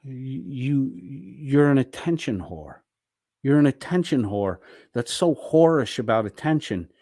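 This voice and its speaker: A man's voice: on the low side, a little mellow, dry recording, studio quality. A man ranting angrily at another streamer, swearing and berating. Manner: angry, profane, berating. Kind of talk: ranting monologue.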